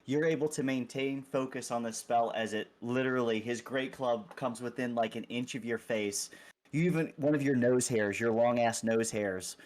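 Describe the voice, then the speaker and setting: Quick, halting male game master. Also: mid-range voice, darkish tone. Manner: quick, halting narration with restarts. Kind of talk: narrating a tabletop game.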